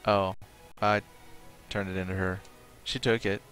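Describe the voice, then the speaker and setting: Low-voiced man chatting through a game stream. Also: level tone, measured pace, a bit bright, faint music behind. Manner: chatty, thinking aloud, reads chat. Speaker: livestream gamer. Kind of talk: casual live gameplay commentary.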